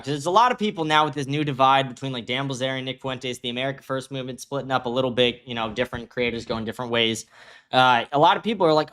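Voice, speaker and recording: Male show host, profane and mocking ranter, mid-pitched, commentary stream. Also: lively intonation, quick pace, fairly bright tone. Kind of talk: reactive commentary livestream.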